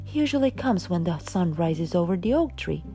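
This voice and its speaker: A woman's voice: lowish voice, sing-song, normal speed, mellow. A woman voicing an anxious female farm cow in a storybook, over background music. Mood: worried. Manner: anxious questioning.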